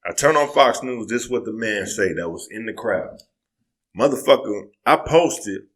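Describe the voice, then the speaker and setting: A man co-hosting a casual podcast, talking heatedly and profanely and breaking into loud outbursts. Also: fairly low pitch, animated, normal speed. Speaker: podcast co-host.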